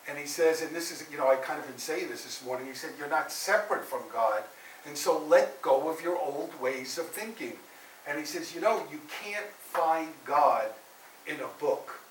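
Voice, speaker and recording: Male minister preaching in an echoey hall, mic set back, faint hiss, storyteller who swings from loud to soft. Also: on the high side, unhurried. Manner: animated storyteller, rising loud for drama and dropping soft for quiet lines. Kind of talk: sermon storytelling. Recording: roomy echo, heard from a distance, faint hiss.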